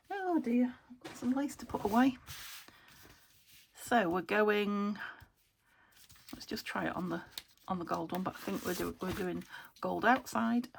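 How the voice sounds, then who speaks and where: This crafter from the United Kingdom has a medium-pitched voice with vocal fry and a little background noise. Her junk journal tutorial is chatty self-talk, full of thinking aloud, chuckles and half-whispered mutterings to herself.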